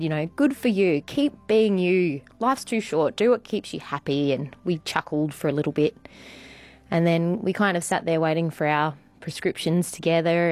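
A woman telling a story on radio in a warm, chatty way with many ums. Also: low voice, no echo. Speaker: radio guest. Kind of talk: casual storytelling.

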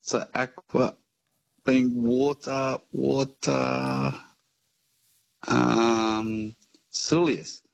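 A man's voice: mid-range voice, flat delivery, drawn-out words, vocal fry, pauses often, rough recording. A man calling a radio quiz, unsure of the answer. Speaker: caller.

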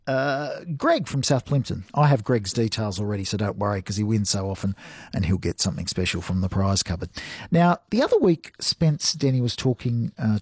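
Brief: Australian male radio host, playful and teasing, slightly raspy, dry close studio sound. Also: lowish voice, a little mellow, no room sound. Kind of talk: radio quiz and chat.

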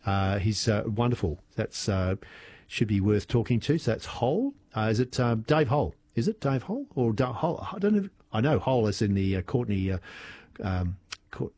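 A man's voice: fairly low pitch, lively intonation, moderate pace, darkish tone. An Australian man hosting talkback radio, chatty and hesitant, with lots of fillers. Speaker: radio host.

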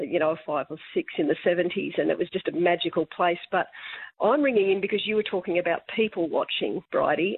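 A woman's voice: lowish voice, phone-quality sound, slight background noise. An Australian woman in her fifties phoning a radio show, telling a story in a chatty, amused way. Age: 50s. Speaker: radio caller. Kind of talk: phone-in reminiscing.

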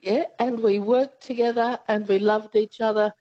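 A woman's voice: on the high side, fairly even intonation, moderate pace, no room sound. A woman in her eighties calling a talkback radio show over the phone, speaking fondly and plainly. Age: 80s. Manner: fond, plain-spoken. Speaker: caller. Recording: dull phone line.

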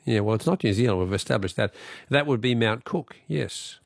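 A man's voice: mid-range voice, normal speed, vocal fry, hardly any pauses, no room sound, clean studio sound. An Australian man hosting a talkback radio quiz, chatty and wry as he teases callers.

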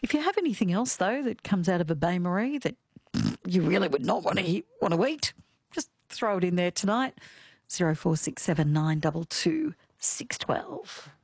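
A woman's voice: on the low side, big pitch swings, moderate pace, slightly rough, dry recording, studio quality. An Australian woman hosting talkback radio in a playful, chatty way, reading out listener messages. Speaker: radio host. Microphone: studio microphone.

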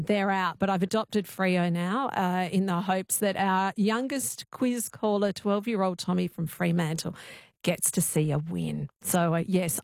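A woman hosts late-night radio in a chatty, conversational way, dropping in the odd filler. She is close to a studio microphone in a dry booth. Her pitch sits in the middle range. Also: dry recording. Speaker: radio host.

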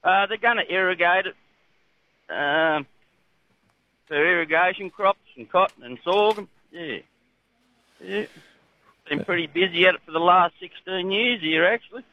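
A man's voice: high voice, moderate pace, long pauses. A laconic Australian man calling in to a radio talk show, chatting casually. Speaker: caller, farm machinery driver. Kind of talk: phone-in chat. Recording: tinny phone line.

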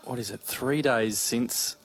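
An Australian man co-hosting a sports radio show, chatting casually in a rambling, jokey way with many halting restarts. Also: medium pitch. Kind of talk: casual chat.

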